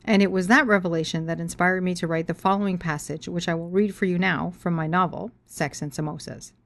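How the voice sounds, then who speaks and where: A woman's voice: fairly low pitch, fairly even intonation, a little fast, no echo. A woman podcast host and author telling a personal story frankly and expressively, with explicit language. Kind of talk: personal storytelling and reading aloud.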